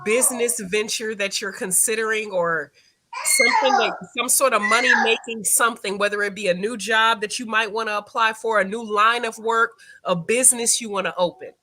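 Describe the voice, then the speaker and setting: A woman's voice: a little high, steady tone, fairly quick, pushed and bright, a little hiss or hum. A woman co-hosting a live stream who gives readings in a direct, slangy way. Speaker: co-host. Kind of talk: casual live-stream chat.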